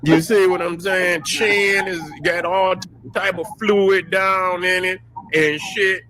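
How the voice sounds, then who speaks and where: Here a podcast host speaks slowly in a high-pitched, sharp voice with fairly even intonation, recorded at low quality. It's a casual commentary rant, crude and joking, trash-talking as he laughs at himself.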